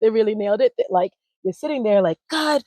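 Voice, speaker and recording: A woman in her forties being interviewed, telling animated stories and acting out quoted voices. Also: medium pitch, fast, dry recording. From United States. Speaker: language retreat founder, interview guest. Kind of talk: conversational interview storytelling.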